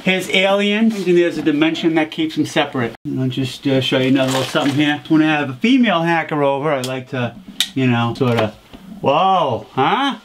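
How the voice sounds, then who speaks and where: A man with a somewhat high voice rambles through an absurd comedy monologue in a deadpan way. He drifts from low mumbles up to sudden shouts. A faint hiss sits under the recording. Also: brisk.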